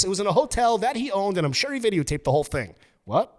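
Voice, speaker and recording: Man on a podcast, rants casually, swears a lot, lively swooping voice, a bit high. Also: quick pace. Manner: animated, profane, emphatic. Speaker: podcast host.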